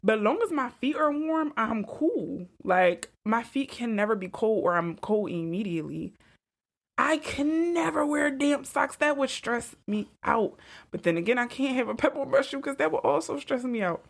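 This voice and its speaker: Lively young woman in casual chat. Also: on the high side, normal speed, vocal fry. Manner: animated, laughing, playful slang. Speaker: co-host.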